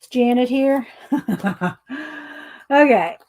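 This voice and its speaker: A chatty woman with a twang, a bit higher-pitched and in no hurry. She giggles a lot and keeps saying "hang on" as she unboxes mail, a little short of breath. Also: extremely slow, a little mellow. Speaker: craft vlogger. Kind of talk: casual chat.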